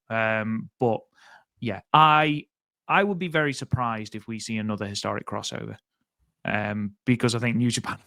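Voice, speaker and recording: A man co-hosting a podcast in a loose, rambling chat, full of ums and restarts as he thinks aloud. His voice is mid-pitched, recorded dry and close with no room sound. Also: bright, forceful tone, no room sound. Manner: chatty, rambling with many fillers and restarts. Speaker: podcast co-host.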